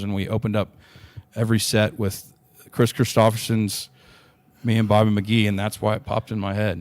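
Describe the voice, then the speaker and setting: A young adult man with a drawl recounts a personal story as a podcast guest. His voice sits somewhat low, and it is recorded close and dry. He talks in earnest bursts, often restarting his sentences. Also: no room sound. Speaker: interview guest.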